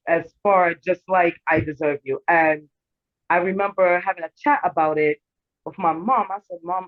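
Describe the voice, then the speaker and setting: A woman's voice: lowish voice, echoey room. A woman rapper from Pennsylvania with a mixed Bahamian and American accent, talking casually and rambling with fillers. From Pennsylvania, USA. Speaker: rapper and guest. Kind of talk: casual interview chat. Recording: tinny phone-like call audio.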